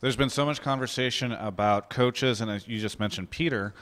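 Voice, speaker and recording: A man's voice: mid-range voice, a little fast, fairly bright tone, big-room sound. A man interviewing a player after a match, asking articulate, conversational questions.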